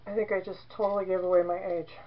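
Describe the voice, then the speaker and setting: A woman's voice: lowish voice, flat delivery, quick pace, highs cut off, slight background noise. A woman in her forties chatting casually as she demonstrates soap making, rambling into joking asides. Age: 40s.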